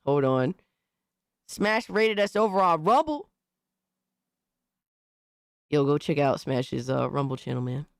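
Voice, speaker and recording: A man hosting a casual live stream, hoarse from recent illness, talking excitably with lots of swearing as he thanks viewers. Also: a little high, slow, pauses often, no room sound, studio quality. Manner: excitable, profane, shouting out viewers.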